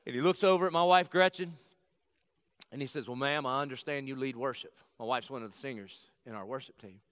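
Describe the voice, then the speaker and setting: A middle-aged man, a pastor, telling a personal story in a lively conversational sermon and acting out the quotes. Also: medium pitch, a little fast, smooth, dry recording. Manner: animated, conversational, acts out quotes.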